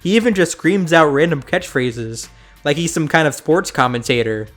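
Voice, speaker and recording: A man's voice: a little high, animated, moderate pace, over music. A young man hosting a sarcastic review of old cartoons. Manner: sarcastic, mocking. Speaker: host.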